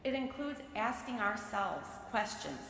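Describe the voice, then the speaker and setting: Woman, sermon from a pulpit, earnest and measured, mid-range voice, faint hiss behind. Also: mid-range voice, very animated, creaky, a bit bright. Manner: measured, earnest reading of prepared remarks. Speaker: lay speaker giving a sermon. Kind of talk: prepared sermon delivered from the pulpit. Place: large synagogue sanctuary. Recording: very echoey sanctuary with long reverb.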